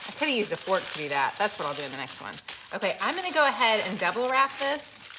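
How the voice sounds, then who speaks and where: A woman's voice: medium pitch, expressive, quick pace, noisy background. Chatty woman cooking at home. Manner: chatty, self-deprecating, talks straight to viewers. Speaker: cooking vlogger. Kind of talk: casual cooking demonstration. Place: home kitchen.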